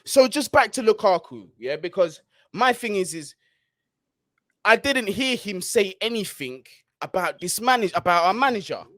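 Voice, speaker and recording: A man's voice: high voice, animated, normal speed, fairly bright tone, no room sound, studio quality. A man hosting a casual football chat, fired up and slangy, often asking "yeah?". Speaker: host.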